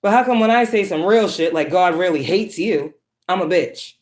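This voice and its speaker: A woman giving a tarot reading as a spiritual monologue, cursing freely and swinging between calm, preachy warmth and harsh put-downs. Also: fairly low pitch, moderate pace, echoey room. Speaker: tarot reader.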